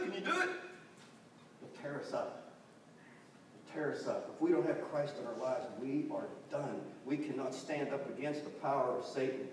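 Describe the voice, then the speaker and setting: A man's voice: medium pitch, dark tone. A man preaching a sermon in a church, telling stories animatedly and acting out the voices of the people in them. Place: church sanctuary. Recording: distant, very echoey church recording with faint noise.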